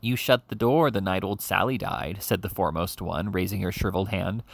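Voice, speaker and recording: Low gravelly man reading a novel. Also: fairly quick, hardly any pauses, dry recording. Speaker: audiobook reader.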